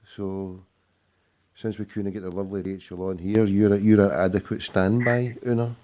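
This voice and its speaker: Male host, low and mellow, blunt and sweary. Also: flat delivery, normal speed. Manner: swears constantly, teasing and blunt. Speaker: radio show host. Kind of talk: casual chat.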